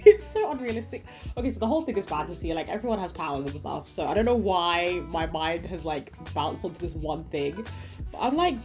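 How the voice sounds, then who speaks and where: A young woman chatting casually to camera as a vlogger, expressive and giggly, acting out her own reactions at home. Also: medium pitch, brisk, soft background music.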